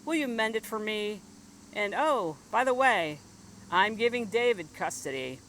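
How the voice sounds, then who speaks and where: A woman voicing a calm male judge who speaks in a soothing, measured voice. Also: mid-range voice, slight background noise, voice pushed up.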